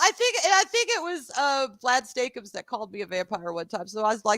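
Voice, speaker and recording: A woman with a Southern drawl co-hosts a casual live stream, talking in a lively, animated way and swearing freely. Her voice is bright and forceful. The sound is dry and close. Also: a little high, fast, few pauses, no echo. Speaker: co-host of a live show.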